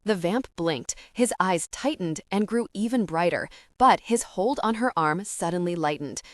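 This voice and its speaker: A woman reads fantasy narration in a steady, even manner. Her voice sits on the low side, and the close studio recording is dry with no room echo. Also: normal speed. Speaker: audiobook narrator. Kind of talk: scripted narration.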